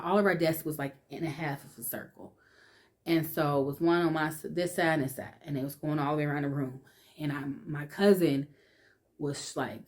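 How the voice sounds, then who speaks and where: A woman vlogger shares her personal testimony in a low voice, emotional and conversational. She restarts often and falls to a hush whenever she relives her fear.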